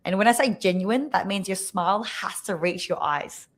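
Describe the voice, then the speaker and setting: A woman speaking coach, a podcast guest on a video call, explaining clearly and showing examples with her voice. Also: mid-range voice, normal speed. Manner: expressive, demonstrates voices while teaching.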